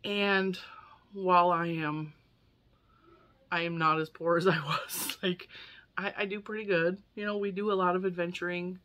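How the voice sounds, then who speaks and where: Her voice sits on the low side, fairly even in intonation and fairly bright, at a normal pace. She's a US-based crochet YouTuber in her forties who unboxes yarn gifts for viewers, casual, emotional, and quick to laugh.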